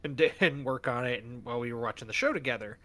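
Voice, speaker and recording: A man's voice: medium pitch, fast. A man co-hosting a casual chat, telling stories and acting out what others said. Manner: animated storyteller, acts out quoted dialogue. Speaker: podcast co-host.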